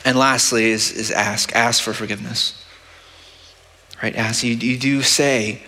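A male pastor gives a sermon with a bright, forceful voice at an ordinary middle pitch. His delivery is plain and conversational, and he keeps tossing "right?" to the congregation. The sound rings with a long church-hall reverb. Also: steady tone, measured pace. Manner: conversational, practical, with frequent "right?" asides.

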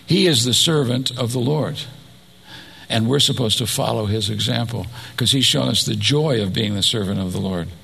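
A man's voice: medium pitch, moderate pace, gravelly, a bit bright, slightly rough. A man preaching a sermon, asking the listeners rhetorical questions and adding personal asides.

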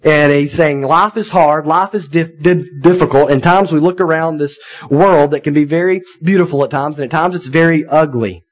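A man's voice: a little high, normal speed, dull audio. A man in his thirties, a pastor preaching a sermon in a conversational, folksy way, often checking in with his listeners.

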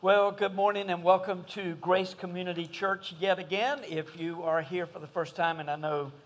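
Folksy pastor, higher voice. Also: male voice, fairly even intonation, moderate pace. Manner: folksy, conversational. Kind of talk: sermon.

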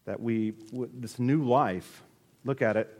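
Guy preaching in church, mid pitched, gets loud and fervent then drops low, big hall echo. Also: unhurried. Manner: earnest preaching, swells to emphatic peaks then drops low. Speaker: pastor. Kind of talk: sermon. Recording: long reverb of a large hall.

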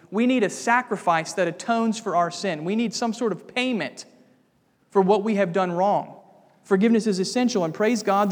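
A man's voice: high-pitched, big-room sound. A man preaching a sermon, emphatic and calling his listeners friends.

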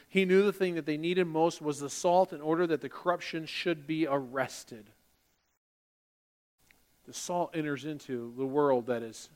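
A man with a high voice delivers a sermon from the pulpit as pastor. He builds his points with rising emphasis and now and then mimics a churchgoer's voice. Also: long reverb tail.

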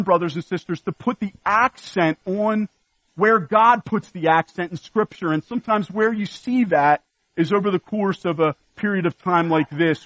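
A man's voice: high-pitched, no room sound, poor audio. A man preaching a sermon, earnestly listing scripture references and exhorting his congregation. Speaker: pastor.

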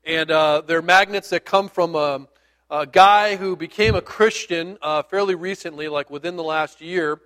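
A male pastor preaching a sermon in a church, talking loosely and with rising enthusiasm. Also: normal speed. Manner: loose, rambling and enthusiastic, grows louder and higher when fired up. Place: church sanctuary.

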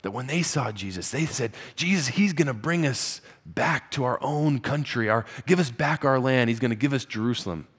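Man, pastor, husky voice, conversational sermon, punchy rises for emphasis. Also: medium pitch, animated, moderate pace, hardly any pauses.

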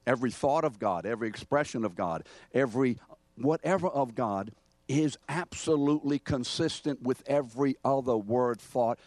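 Older male preacher, average pitch, dry close sound; animated, keeps quizzing the room. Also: normal speed, no echo. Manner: animated, calls out questions and demands answers. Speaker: preacher and Bible teacher. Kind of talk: interactive sermon, quizzing the congregation.

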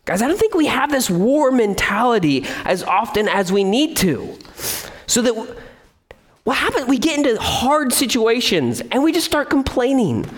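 A man preaching a sermon as pastor, animated and acting out the voices of complaining people. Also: extremely high pitch, moderate pace.

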